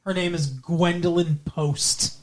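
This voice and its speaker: A man's voice: fairly high pitch, fairly even intonation, slow pace. A man co-hosting a casual chat podcast, teasing and sarcastic, with frequent swearing. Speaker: podcast co-host.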